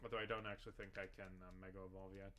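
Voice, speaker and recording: A man's voice: low-pitched, flat delivery, very fast, pushed and bright. A man ranting in casual commentary while playing a game, rambling and profane, heavy on fillers. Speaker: gaming vlogger.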